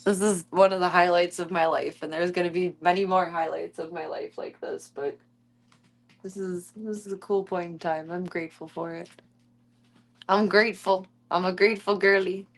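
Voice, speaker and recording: A woman's voice: fairly low pitch, steady tone, normal speed. A young woman streamer chatting casually and cooing in baby talk at her kittens, often giggling. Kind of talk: casual chat with her cats.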